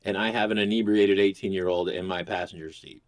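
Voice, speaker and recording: A man's voice: sits low, fairly even intonation, a little fast. A man hosting his own channel, telling a crude, rambling comic story full of swearing. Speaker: host. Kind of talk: casual comedic storytelling.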